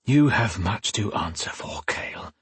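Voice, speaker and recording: A man voicing a weary young fighter with a hoarse, gravelly voice. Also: mid-range voice, unhurried, no echo, pitched above the performer's own voice. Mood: grim.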